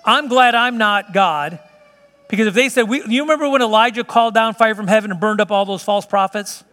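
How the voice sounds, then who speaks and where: A man preaching a sermon in an emphatic, conversational way, at times dropping to slow, hushed tones. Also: sits high. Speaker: pastor. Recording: long reverb of a large hall.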